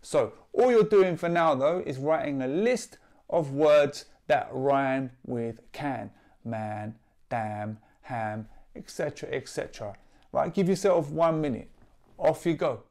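A man, a poet leading a friendly, upbeat rhyming warm-up for young writers, explaining each task clearly. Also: fairly high pitch, lively intonation, slow pace. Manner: upbeat, clear teacher-like explanations with example rhymes. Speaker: poet and workshop leader. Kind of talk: instructional video for young writers.

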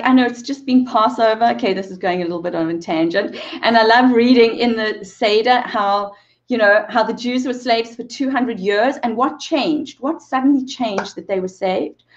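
A woman's voice: a little high, moderate pace, dull audio. A woman in her forties, a movement coach and interview guest, telling an emotional personal story with earnest repeated phrases and bits of laughter.

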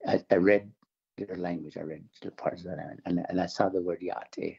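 An older man from the Navajo Nation speaks in an earnest, halting testimony, often repeating himself as he restarts. His voice sits very low, with a gravelly, husky texture and a dark tone. The recording sounds somewhat dull and lo-fi. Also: fairly even intonation. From Navajo Nation, American Southwest. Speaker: interview guest. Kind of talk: religious testimony interview.

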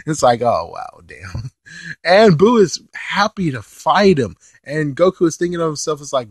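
A man giving casual episode commentary as an anime reviewer. He is animated, swears casually, and laughs while he talks. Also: medium pitch, normal speed, dry recording.

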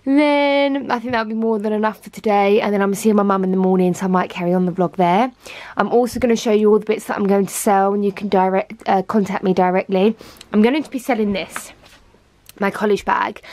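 A woman's voice: medium pitch, a little mellow. A woman chatting casually in a home vlog, rambling and self-mocking as she talks. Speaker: vlogger. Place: home walk-in closet.

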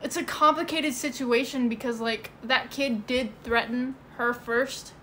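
Rambling woman with a high voice on a livestream. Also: fairly even intonation, measured pace, pushed and bright, a little hiss or hum. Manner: rambling, full of "like" and "you know". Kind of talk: casual livestream chat. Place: indoors at home. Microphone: phone.

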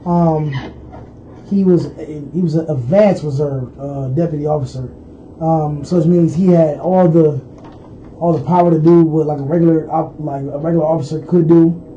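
A man's voice: fairly high pitch, warm tone. A man co-hosting a radio talk show, chiming in with corrections and added detail in casual chat. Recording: dull lo-fi radio recording, faint hiss.

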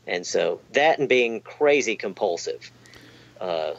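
A man's voice: fairly low pitch, animated, takes it slowly, gravelly, dry recording. A man talking loosely in an interview, trailing off and circling back with plenty of fillers. He pokes fun at himself as he goes. The recording sounds a little dull and lo-fi. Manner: rambling, self-deprecating, many fillers and restarts. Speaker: amp technician guest. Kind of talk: casual interview chat.

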